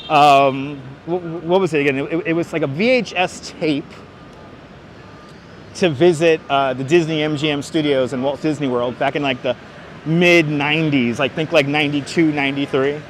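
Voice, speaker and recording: A man with a slightly high voice speaks at a normal pace with fairly even intonation, hosting a casual walking-tour livestream on busy city streets. He greets viewers by name and shares street history through a wireless clip-on mic. Faint traffic hums in the background.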